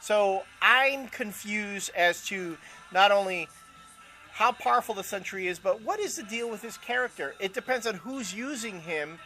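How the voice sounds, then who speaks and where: A man's voice: high-pitched, animated, normal speed, sharp tone, soft background music. A man co-hosting a casual chat show, opinionated and rambling, with lots of fillers. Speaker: co-host.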